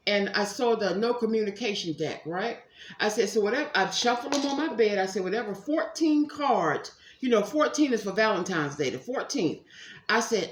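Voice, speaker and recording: A woman giving a casual tarot reading at home, chatty and animated, talking straight to her viewers. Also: medium pitch. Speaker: tarot reader. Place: room at home. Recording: echoey room.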